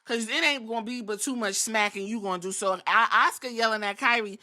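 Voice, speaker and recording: Femme vive et crue qui raconte la lutte. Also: female voice, a little high, brisk. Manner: animated, profane storytelling. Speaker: podcast host. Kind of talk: casual wrestling recap.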